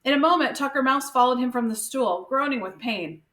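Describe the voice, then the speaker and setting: A woman reading a children's chapter book aloud in a steady, expressive way. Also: high-pitched, a little fast. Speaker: reader. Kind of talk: storybook read-aloud. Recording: echoey room.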